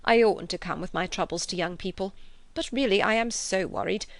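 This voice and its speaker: A woman's voice: fairly quick, no room sound, close to an everyday voice. Lady narrator doing a flustered old gent, all fuss and gush, dry close sound. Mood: excited, fretful. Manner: fretful, gushing, high and animated. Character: fussy excitable older English gentleman landlord.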